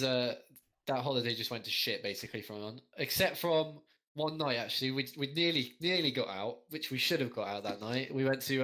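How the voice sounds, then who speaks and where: A man's voice: medium pitch, a bit bright. A young man, co-hosting a podcast in a rambling, storytelling way with a lot of swearing. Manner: rambling storyteller, heavy swearing, frequent laughs. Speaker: podcast co-host. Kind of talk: casual chat.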